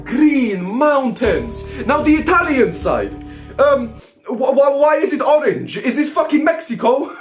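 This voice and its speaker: High-voiced young man, roomy echo. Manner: excitable, swears, says "comrades" in nearly every line. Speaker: vlogger host. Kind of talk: casual travel vlog narration. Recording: roomy echo, faint music behind.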